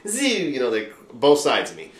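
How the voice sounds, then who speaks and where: Podcast host, man, casual and profane, slightly deep, roomy recording. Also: normal speed. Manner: loose, profane, rambling retelling. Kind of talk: casual storytelling chat. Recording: roomy room with faint noise.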